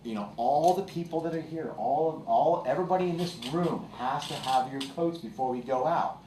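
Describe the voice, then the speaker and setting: A man's voice: a little high, fairly quick, dark tone, slight background noise. A male teacher giving a classroom lecture, explaining with examples and often checking in with "okay?". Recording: echoey classroom, voice from far off.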